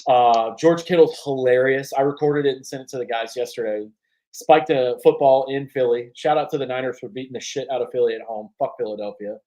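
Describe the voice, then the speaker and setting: A man co-hosting a casual sports podcast, swearing freely and telling lively stories with bursts of laughter. His voice sits at an ordinary middle pitch. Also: fairly quick, low-quality recording. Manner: profane, animated storyteller with bursts of laughter. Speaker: podcast co-host.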